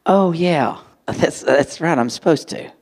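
A man preaching to a live audience, telling a personal story in an animated way and acting out voices. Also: a little high, measured pace. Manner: animated, acts out voices, sudden loud outbursts. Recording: long hall reverb.

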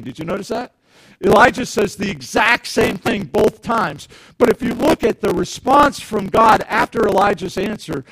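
A man's voice: high-pitched, creaky, a bit bright, husky, dry recording, rough recording. A male pastor giving a conversational sermon, often repeating words and putting questions to the congregation.

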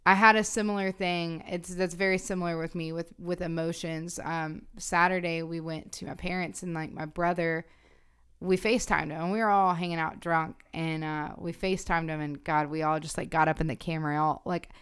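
A woman's voice: on the low side, fairly even intonation, a little fast, a bit bright, clear, resonant tone. A young woman co-hosting a podcast, telling personal stories in reflective casual chat. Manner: reflective storytelling, frequent "like". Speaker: podcast co-host.

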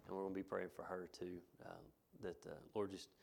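A man's voice: low voice, monotone, brisk, creaky, a little mellow, slight background noise. A middle-aged pastor, preaching a folksy sermon to his congregation, repeating himself and chuckling between points.

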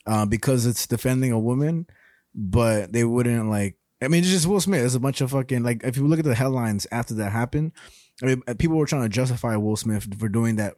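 A man's voice: mid-range voice, warm tone, dry recording, studio quality. A young man co-hosting a podcast, chatting casually in slangy banter and laughing often. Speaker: podcast co-host. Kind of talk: casual chat.

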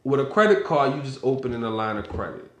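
A man in casual conversation, explaining things matter-of-factly in relaxed slang. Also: mid-range voice, fast. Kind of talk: casual chat. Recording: echoey room.

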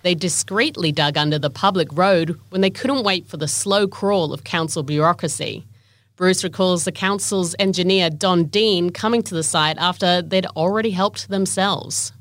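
Measured woman narrating a documentary. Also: fairly low pitch, no room sound, clean studio sound. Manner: measured, steady storytelling. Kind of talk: scripted narration.

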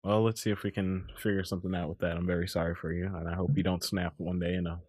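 A man's voice: sits low, little pitch movement, fast, darkish tone, no room sound. A young man hosting a casual chat podcast, teasing his friends with dry jokes. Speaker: podcast host.

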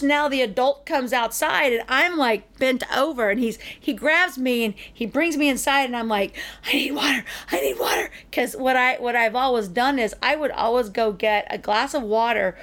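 Middle-aged woman chatting on a podcast, kinda high voice, animated storyteller. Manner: animated, acts out the people in her stories. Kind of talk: casual storytelling chat.

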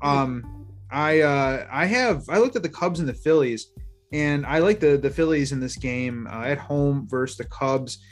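A man's voice: medium pitch, measured pace, soft background music. A man co-hosting a sports betting podcast, rambling through his picks in a chatty way with restarts. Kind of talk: casual chat.

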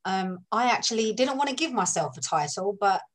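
A woman's voice: medium pitch, expressive, brisk. Chatty London woman coach. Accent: London English. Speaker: business coach, podcast guest. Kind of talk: conversational interview.

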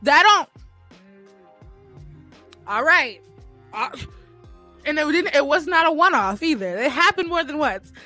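Woman co-host, blunt and candid, bright voice, talks slangy and loose. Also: high voice, lively intonation, unhurried, pauses often, faint music behind. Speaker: podcast co-host. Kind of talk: casual chat.

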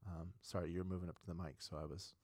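A man co-hosting a podcast, rambling casually and cutting himself off with quick asides. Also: sits low, flat delivery, darkish tone, no echo, clean studio sound. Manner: rambling, self-interrupting, apologetic asides. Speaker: podcast co-host.

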